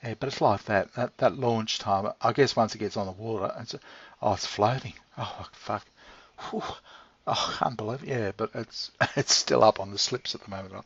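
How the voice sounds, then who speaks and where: Middle-aged man, husky lowish voice, meandering chat with a pet, lots of swearing, dull lo-fi sound. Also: fairly quick, fairly bright tone. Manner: meandering, swears freely, chuckles often. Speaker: channel host talking to his pet. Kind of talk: rambling casual monologue. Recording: dull lo-fi recording.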